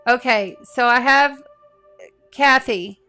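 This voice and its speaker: Bright-voiced chatty middle-aged woman. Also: high-pitched, slow, clean tone, faint music behind. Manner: chatty and earnest, with frequent fillers and restarts. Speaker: astrologer and tarot reader. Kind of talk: casual live-stream chat reading viewer comments.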